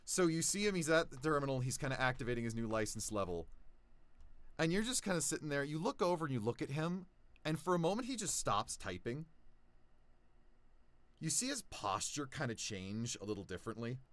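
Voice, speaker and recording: Brief: male player, mid voice, lively rises and falls, casual storytelling. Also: mid-range voice, brisk, dry recording. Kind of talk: describing his character's actions in a tabletop game.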